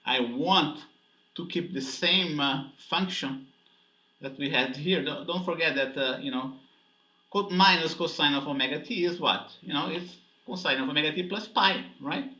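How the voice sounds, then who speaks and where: A man's voice: fairly high pitch, normal speed, sharp tone. A man teaching a physics lesson, explaining step by step and often checking in with "okay?" and "right?". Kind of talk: classroom lecture. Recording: echoey dull lecture recording.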